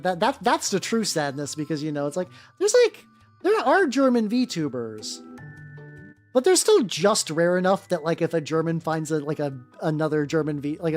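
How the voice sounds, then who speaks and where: Low-pitched and a little mellow, this woman's voice is expressive at a moderate pace. Painting miniatures on her VTuber livestream over faint background music, she rambles casually, stumbling, restarting and swearing along the way.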